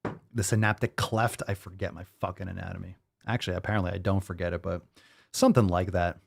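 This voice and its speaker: A man's voice: low-pitched, fairly even intonation, quick pace, creaky. A man hosting a fitness show, ranting with profanity, incredulous and full of rhetorical questions. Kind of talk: ranting commentary.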